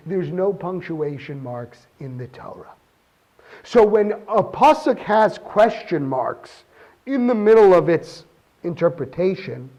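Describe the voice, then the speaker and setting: A man with a high voice gives a weekly Torah talk. His pitch swings widely as he poses one question after another. He reads verses aloud in Hebrew between his points. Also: a little mellow. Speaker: Torah teacher.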